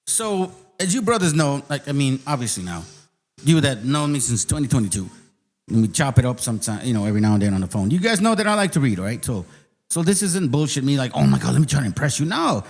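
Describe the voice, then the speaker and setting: A man's voice: medium pitch, very animated. Profane, combative man ranting. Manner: reads aloud slowly, then speeds up. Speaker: channel host. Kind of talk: casual ranting commentary.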